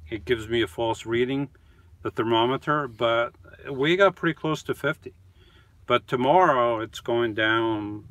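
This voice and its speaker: A man's voice: medium pitch, fairly bright tone, no echo. A man hosting a casual live stream from his camper van, reading viewer comments aloud and answering them one by one in an easygoing, chatty way that often trails off.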